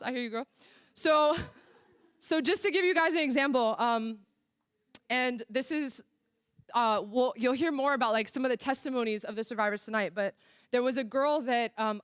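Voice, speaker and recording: A woman's voice: a little high, fairly quick, clear, resonant tone, no room sound, clean studio sound. A young American woman from Florida giving a casual sermon-style church workshop talk, telling stories animatedly and acting out dialogue. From Florida, USA.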